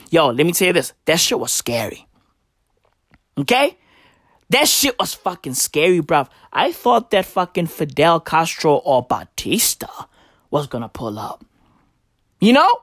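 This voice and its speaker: A man's voice: on the high side, fairly bright tone, dry recording, studio quality. A man ranting casually to camera, rambling and swearing a lot, constantly asking his listener "right?" and repeating himself. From South Africa. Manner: profane, rambling, keeps asking "right?" and "you know?"; drifting, repetitive, offhand.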